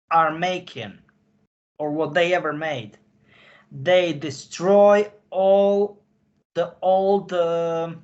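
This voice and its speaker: A man speaking in casual conversation, halting and searching for his words. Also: a little high. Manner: halting, searching for words in non-native English. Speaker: podcast guest insider. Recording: dull lo-fi audio.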